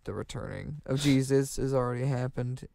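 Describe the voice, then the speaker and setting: A young man co-hosting a crude comedy podcast, asking rambling, halting questions full of restarts and swearing. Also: medium pitch, vocal fry, dark tone. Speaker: podcast co-host.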